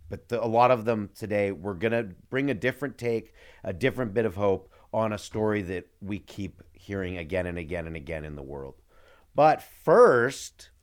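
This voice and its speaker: A young adult man co-hosts a casual podcast, riffing with easy humor. His voice sits low, and his talk stays animated and bantering. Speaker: podcast co-host. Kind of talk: casual chat.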